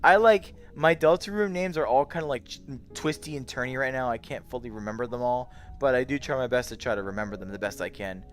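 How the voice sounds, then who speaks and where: A man's voice: medium pitch, fast talker, hardly any pauses, soft background music. A tired young man chatting casually on a late-night livestream, yawning and rambling as he greets his chat by name. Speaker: VR streamer.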